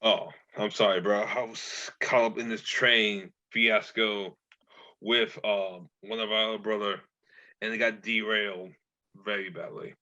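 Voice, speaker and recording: A man's voice: fairly low pitch, flat delivery, a little slow, pushed and bright. A man playing a tabletop game, improvising in character with rambling, stumbling lines. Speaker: player. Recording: dull lo-fi audio.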